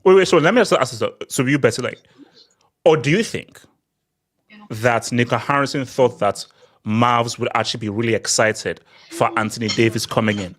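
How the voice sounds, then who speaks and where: A man hosting a casual group chat, animated and quick to cut in with strings of repeated words. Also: mid-range voice. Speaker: podcast host.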